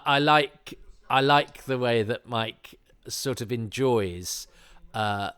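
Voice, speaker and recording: A man with a fairly low voice talks through an episode in a loose, casual commentary. He wanders between thoughts, stumbles over restarts and fillers, and throws in wry, chuckling asides. The sound is close and dry, with no room around it. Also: a bit bright, no echo. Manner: rambling, hesitant, with many fillers and restarts. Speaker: podcast host.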